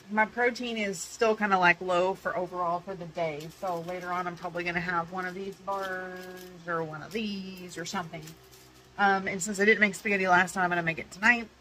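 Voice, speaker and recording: A woman's voice: mid-range voice, a little hiss or hum. A middle-aged woman talking through her day in a rambling, casual diary vlog, full of ums. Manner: chatty, rambling, many ums; hushed, half-whispering in bed. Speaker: vlogger. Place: bedroom, in bed.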